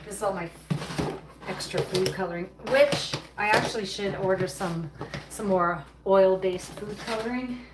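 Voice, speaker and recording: Speaking at a moderate pace in a mid-range voice, this woman runs a casual livestream from her kitchen at home. She rambles to viewers while she bakes and tidies up, and the audio comes across roomy, distant and noisy.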